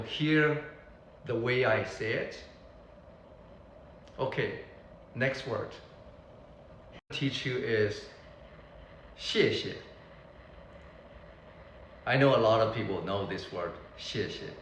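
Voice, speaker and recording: A man teaching beginners Mandarin, repeating each word slowly so learners can copy it. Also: mid-range voice, fairly bright tone, echoey room, a little hiss or hum, rough recording. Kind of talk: beginner language lesson.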